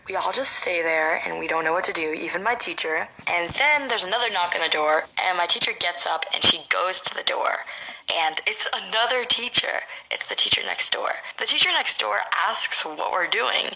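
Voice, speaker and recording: A woman telling a personal story in a hushed, often half-whispered, dramatic way. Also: lowish voice, moderate pace, vocal fry, low-quality recording. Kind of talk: storytime narration.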